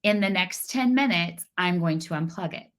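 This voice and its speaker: A middle-aged woman giving a casual parenting talk, animated and acting out exchanges with her kids. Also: lowish voice, moderate pace. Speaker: parenting speaker.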